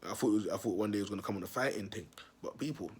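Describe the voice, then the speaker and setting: A young man telling a story in a casual vlog, animated and slangy, laughing often. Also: on the low side, rapid-fire, breathy edge. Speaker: self-styled prophet vlogger.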